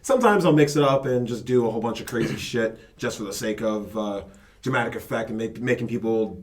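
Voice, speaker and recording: A young man talking casually as a guest on a podcast. He is laid-back and self-deprecating, dropping curse words as he goes. His pitch sits in an ordinary middle range. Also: fairly quick. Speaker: band vocalist.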